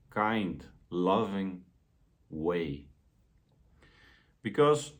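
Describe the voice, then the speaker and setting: Low-voiced man talking real slow and gentle, self-help pep talk, deliberate.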